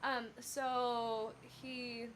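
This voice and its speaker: A woman's voice: on the high side, flat delivery, drawn-out words, a bit bright, slight background noise. A woman singer telling a rambling story on her casual livestream, with many fillers and self-corrections. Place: Bali.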